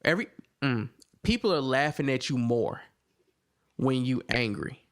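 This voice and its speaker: A man recaps a TV episode in a loose, casual podcast chat. He has a mid-range voice that jumps much higher when he quotes the characters. His talk stays rambling and animated, full of restarts. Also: unhurried. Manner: animated retelling, acts out characters' lines in a raised voice. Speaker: podcast co-host reviewing a TV episode.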